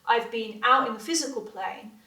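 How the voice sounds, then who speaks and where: A woman being interviewed, telling her experiences in an earnest, animated way with hesitant restarts. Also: fairly high pitch, moderate pace. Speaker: interview guest, astral projection teacher. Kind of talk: conversational interview. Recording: echoey room, distant from mic.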